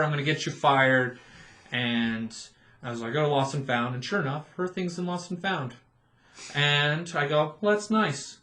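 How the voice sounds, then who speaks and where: A man telling sarcastic stories about his old job in a casual chat with friends. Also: medium pitch. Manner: animated storyteller, sarcastic quoted asides. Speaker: podcast co-host, former theme park cast member.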